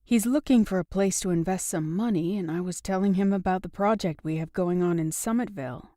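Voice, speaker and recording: A woman's voice: lowish voice, fairly quick, no room sound, studio quality, lightly acted. A woman voicing a patient but frank young man in an audiobook. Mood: calm. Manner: calm but blunt. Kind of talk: audiobook dialogue reading.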